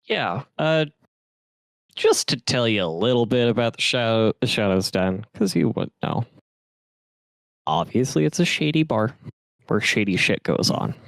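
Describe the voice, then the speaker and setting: A man's voice: mid-range voice, lively intonation, measured pace, gravelly, pauses often, no echo, studio quality. A man narrating as game master for a tabletop game, setting scenes casually with fillers.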